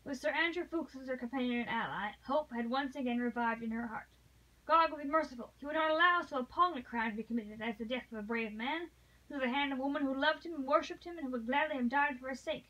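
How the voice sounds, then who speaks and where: A woman narrating a classic novel in a steady read-along, with small slips she corrects as she goes. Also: sits high, lo-fi sound. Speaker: audiobook reader.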